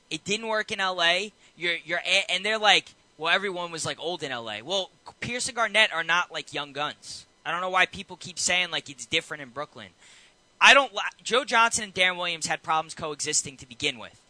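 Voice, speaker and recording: Emphatic high-voiced man, dry and bright. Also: brisk, no room sound, rough recording. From New York. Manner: animated, emphatic, repeats himself. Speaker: co-host. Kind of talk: casual sports debate.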